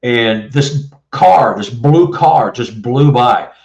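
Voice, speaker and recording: A man's voice: medium pitch, lively intonation, slow, creaky, a little mellow. A man in his seventies from Texas, telling a long story as an interview guest, rambling and restarting often. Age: 70s. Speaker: guest author. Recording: distant, muffled, roomy mic.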